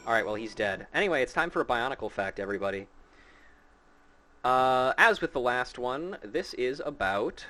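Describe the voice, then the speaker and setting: A man's voice: mid-range voice, sharp tone. A man hosting a casual game playthrough, sarcastic and swearing freely. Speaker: host reading game dialogue. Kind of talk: casual let's-play commentary.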